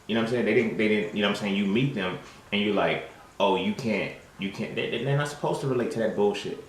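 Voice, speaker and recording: A man's voice: fairly low pitch, quick pace, slight background noise. A young man hosting his own show, talking in a casual monologue full of slang, swearing and fillers. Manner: profane, streetwise slang, frequent fillers. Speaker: host. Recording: roomy echo.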